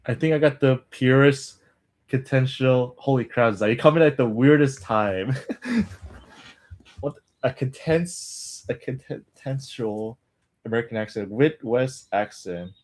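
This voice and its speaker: A man's voice: medium pitch, unhurried, a little mellow. A man streaming his language study, chatting casually, rambling, with muttered asides and chuckles. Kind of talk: casual live-stream chat.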